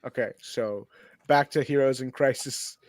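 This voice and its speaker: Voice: mid-range voice, a little slow, a little mellow. A speaker moderating a casual comics chat, trying to steer friends back on topic.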